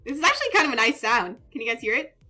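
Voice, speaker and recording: Woman, live streamer, casual chat, playful, mock-indignant, high voice, faint background music. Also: very animated, very fast, pushed and bright.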